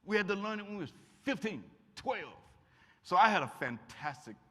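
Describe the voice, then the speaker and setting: A man's voice: high-pitched, big pitch swings, moderate pace. An older man from Kentucky telling stories to a college audience in a folksy, humorous way, now and then acting out what people said. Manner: folksy, warm humor, acts out quotes. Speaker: guest speaker. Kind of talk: lively storytelling talk to students. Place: college auditorium. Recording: echoey hall.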